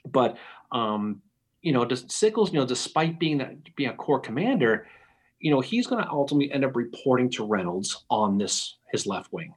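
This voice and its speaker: A man co-hosting a podcast, talking through history in an animated, analytical way with many restarts. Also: medium pitch, moderate pace, husky. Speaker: podcast co-host. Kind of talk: casual history discussion.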